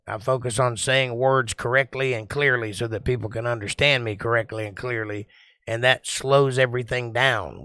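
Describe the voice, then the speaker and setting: Slow-talking man hosting a livestream. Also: medium pitch, bright, forceful tone, smooth, dry recording. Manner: slow, deliberate, sing-song delivery. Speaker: livestream host. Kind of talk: casual chat reading viewer comments.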